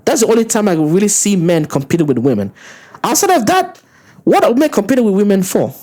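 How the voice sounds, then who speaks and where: A man ranting through a reaction commentary, incredulous and profane, his voice swinging up high when he gets worked up. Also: very animated, fast, dark tone. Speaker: commentary channel host.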